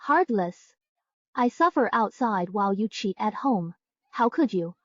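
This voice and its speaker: Casting: woman voicing a defiant young wife, cold and slow, dry dull sound. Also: medium pitch, lively intonation, dry recording. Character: sharp-tongued young wife, defiant and vengeful. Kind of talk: dubbed drama acting.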